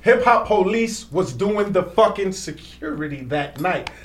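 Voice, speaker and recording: Insistent high-voiced New man. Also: lively intonation, unhurried, slight background noise. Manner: insistent, lecturing. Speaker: podcast co-host, event promoter. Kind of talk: casual chat.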